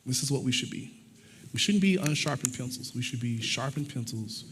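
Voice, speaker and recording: A man's voice: mid-range voice, expressive, fairly quick, a bit bright. A man preaching a conversational sermon with props, talking in a folksy way and acting out little dialogues. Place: church sanctuary. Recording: long hall reverb, faint noise.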